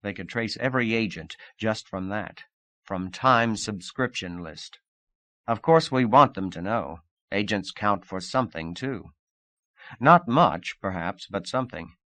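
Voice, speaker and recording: A man with a low voice reads an audiobook in a calm, measured way. The sound is close and dry, with no room echo. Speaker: audiobook narrator. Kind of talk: audiobook narration.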